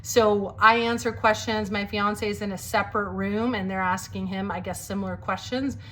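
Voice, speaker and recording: A woman's voice: mid-range voice, steady tone, moderate pace, sharp tone, a little hiss or hum. Chatty woman with a slight cold. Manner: chatty, many "like" fillers, acts out quoted lines. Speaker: storyteller sharing a testimony. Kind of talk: casual personal storytelling.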